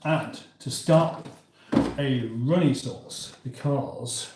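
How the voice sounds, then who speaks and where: A man's voice: medium pitch, slow pace. A British man with a northern English accent hosts a live cooking stream from his kitchen, rambling casually and reading viewer comments aloud as he cooks. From England. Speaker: cooking livestream host. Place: home kitchen. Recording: echoey kitchen with faint background noise.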